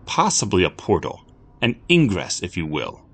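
A man's voice: sits low, huge pitch swings, normal speed, vocal fry, fairly bright tone, full character voice. A man reading a story, voicing an aloof, haughty stranger who talks down to children. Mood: condescending. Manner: condescending, annoyed with children. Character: haughty, aloof man in an odd little car.

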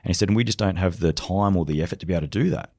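A middle-aged Australian man with a low, deep voice tells vivid military anecdotes, slipping into the voices of the people he quotes. He sounds close and dry, with no room echo. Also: very fast, darkish tone, slightly rough. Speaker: leadership consultant, special forces veteran. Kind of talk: storytelling podcast conversation.

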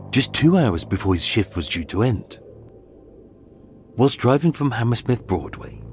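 A man narrating a scripted true-crime story in a measured, dramatic way, with suspenseful pauses. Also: lowish voice, gravelly, a little mellow, a little hiss or hum. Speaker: podcast host and narrator. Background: faint background music.

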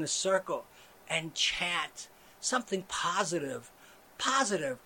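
A man hosts a satirical comedy monologue in a bright, sharp voice whose pitch leaps all over the place. He keeps swinging between soft, hushed mellow talk and sudden yelling, all played with heavy irony. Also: very animated, unhurried, slight background noise. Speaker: show host.

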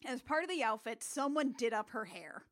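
A woman with a high, very lively voice tells a film's story in a casual comedic way. She swoops up and down in pitch as she goes, laughing often as she recaps the scenes. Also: brisk. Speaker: podcast host recapping a film.

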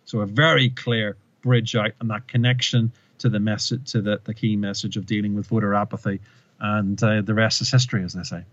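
A man's voice: fairly low pitch, fairly quick, lo-fi sound. A man in an interview, explaining a communication case study and telling stories with rising emphasis. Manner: animated storyteller, retells with rising emphasis.

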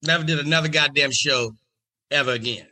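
A male stand-up comedian telling an animated story, acting out the voices of the people in it. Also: on the high side, a little fast. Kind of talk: storytelling on a talk show.

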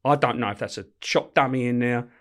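Middle-aged former prison officer, guest, chatty storyteller who swears freely and acts out voices, even pitch. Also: male voice, a little fast. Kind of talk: casual anecdotal storytelling.

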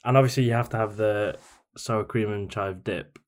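A man chatting in a relaxed, easygoing way. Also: fairly low pitch, moderate pace. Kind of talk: casual podcast chat.

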